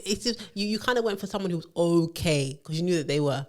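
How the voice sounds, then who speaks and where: A woman, co-hosting a casual podcast chat about work and telling stories with lively acted-out quotes. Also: on the low side, fast talker. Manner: animated storytelling, acts out quotes. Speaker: podcast co-host, HR professional.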